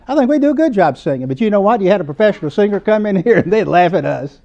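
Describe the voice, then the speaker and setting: Southern-accented male preacher, high voice, earnest, muffled recording. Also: sing-song, quick pace, vocal fry, dark tone. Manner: earnest, conversational preaching with rising emphasis. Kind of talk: sermon.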